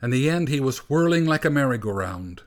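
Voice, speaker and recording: A man reading a storybook aloud as narrator, in a calm, measured way. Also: medium pitch.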